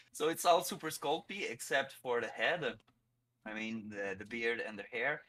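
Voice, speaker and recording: A man from Quebec with a French-Canadian accent, chatting casually on a live stream while he works, laughing often and pausing between phrases. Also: fairly low pitch, fairly bright tone.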